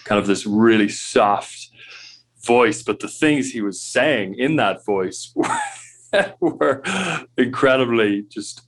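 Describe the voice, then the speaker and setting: A man's voice: mid-range voice, huge pitch swings, takes it slowly. A man hosting a podcast interview, adding his own reflections in a thoughtful way. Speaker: podcast host. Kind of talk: interview conversation.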